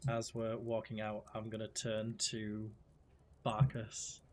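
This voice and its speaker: A man's voice: fairly low pitch, monotone, slow, slight background noise. A man playing a character at a tabletop game, describing his actions in the first person. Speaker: player. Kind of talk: casual tabletop play.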